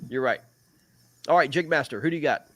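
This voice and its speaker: A man hosting a casual live stream, upbeat and quick to laugh, trailing into repeated filler words. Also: a little high, a bit bright. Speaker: host, league commissioner.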